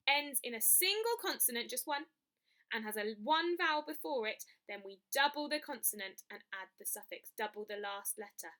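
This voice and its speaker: A young woman teaching children a spelling lesson, chanting the rules slowly and with emphasis. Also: high-pitched, bright, forceful tone. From England. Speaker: primary school teacher.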